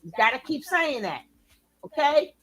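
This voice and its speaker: Fired-up woman ranting on her commentary channel, high pitched, loud and cussing. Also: very animated, unhurried, poor audio. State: angry, worked up. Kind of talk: heated reaction commentary.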